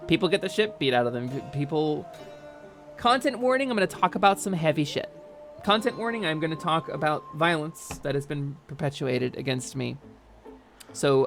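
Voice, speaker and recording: A woman's voice: sits low, creaky. A woman from North New Jersey with a North Jersey accent, chatting frankly to her stream audience with lots of fillers and restarts. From North New Jersey, United States. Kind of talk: candid chat during a game stream.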